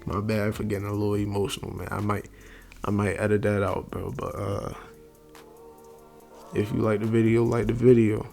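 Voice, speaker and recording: A man giving casual film commentary at home, talking quietly and rambling, calling the listener "bro" again and again. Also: fairly low pitch, flat delivery, moderate pace, vocal fry, pauses often, soft background music. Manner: rambling, says "bro" constantly. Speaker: movie reviewer. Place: at home at night.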